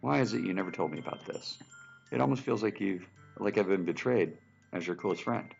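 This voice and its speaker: A man's voice: fairly low pitch, a little fast, vocal fry, darkish tone. A man hosting a let's play, joking around and reading story lines in a dramatic way. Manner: laughing, jokey, reads story lines dramatically. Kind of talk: casual game commentary and reading aloud. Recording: dull lo-fi with music behind.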